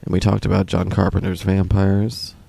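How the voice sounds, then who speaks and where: Gravelly low-voiced man chatting. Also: monotone, moderate pace, mellow, faint music behind. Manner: joking, laid-back film banter. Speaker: podcast co-host. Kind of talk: casual chat.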